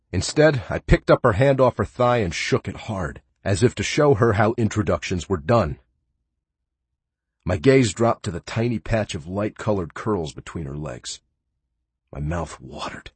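A man's voice: lowish voice, slightly rough, no room sound. A man giving first-person audiobook narration in a sarcastic, playful and brash manner.

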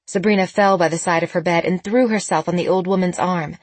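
A woman narrating an audiobook in a measured, expressive reading. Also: on the low side, dry recording.

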